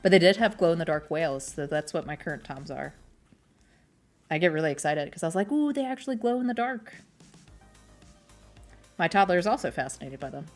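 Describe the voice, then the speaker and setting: A woman's voice: low-pitched, quick pace, soft background music. A young adult woman who is a streamer, chatting casually and rambling while she crochets, often poking fun at herself. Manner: rambling, chatty, self-deprecating.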